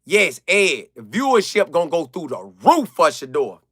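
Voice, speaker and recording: A young man chats with his live audience in a high, bright voice. He is animated and excitable, hammering his points home by repeating them. The sound is dry and close to the mic. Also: moderate pace, husky, dry recording. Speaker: live-stream host answering chat. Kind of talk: casual live chat commentary.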